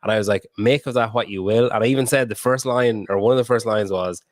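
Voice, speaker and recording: A man's voice: lowish voice, quick pace, hardly any pauses, dry recording, clean studio sound. A man hosting a podcast interview over a video call, chatty and laughing often, with casual swearing. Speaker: podcast host.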